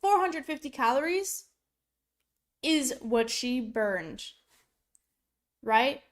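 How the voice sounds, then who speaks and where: Streaming casual reaction commentary on her setup, a woman speaks slowly in a high, expressive voice. She's blunt and chatty with lots of fillers, and she coughs while choking on popcorn.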